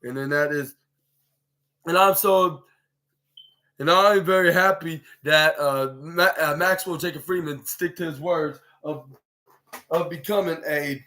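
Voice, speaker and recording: Guy rambling thru a wrestling recap, kinda high bright voice, lots of uhs and restarts. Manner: rambling, halting, many fillers and restarts, acts out quotes. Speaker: podcast host.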